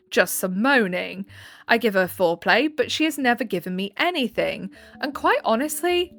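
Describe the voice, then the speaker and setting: A woman's voice: fairly high pitch, fairly bright tone, no room sound. A woman reading online posts aloud, breaking off for chatty, exasperated asides. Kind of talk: casual storytelling with commentary.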